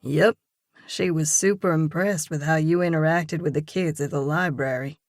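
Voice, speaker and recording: A woman reading an audiobook and voicing a grounded young man who talks in a calm, encouraging, lightly teasing way. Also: low-pitched, moderate pace, no room sound, studio quality. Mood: coaxing. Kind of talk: audiobook dialogue.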